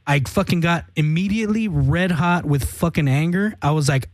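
Give me a young man with a fairly high voice in a dry, close recording, spinning a long, rambling story full of swearing and laughter. He keeps breaking into little acted-out quotes of what everyone said. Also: normal speed, no room sound. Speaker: band member telling a story on a podcast. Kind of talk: casual profane storytelling.

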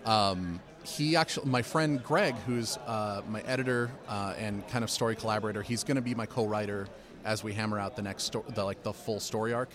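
A man's voice: lowish voice, a little fast, a crowd in the background. A man guest in a casual chat, easygoing and rambling with lots of fillers. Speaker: guest writer.

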